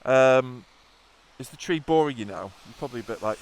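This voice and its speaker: A man's voice: medium pitch, expressive, a little fast, slight background noise. Sweary sardonic Englishman in his fifties. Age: 50s. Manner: sweary, sardonic, wandering asides. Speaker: motorcycle vlogger. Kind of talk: rambling spoken vlog. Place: outdoors on a motorbike trip in rain.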